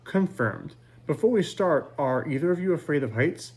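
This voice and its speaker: A man's voice: fairly high pitch, animated, moderate pace, darkish tone, lightly acted. A man reading the lines of a polite, matter-of-fact female guide of virtual worlds, in a live book reading. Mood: calm.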